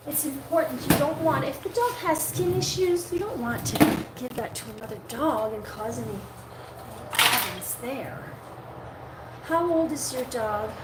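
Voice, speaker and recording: A high-voiced woman talks casually to livestream viewers while grooming dogs, cooing at them from time to time. She's far from the mic in the grooming room, so the audio is roomy, off-mic, and noisy.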